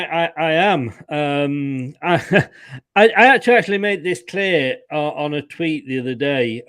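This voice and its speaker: A fairly high-voiced man chats animatedly about football predictions, laughing a lot and stumbling over repeated words. His audio is dry and close, as if from a video call mic. The feel is loose and jokey. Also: a bit bright, no echo. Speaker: pundit guest. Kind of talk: casual football banter.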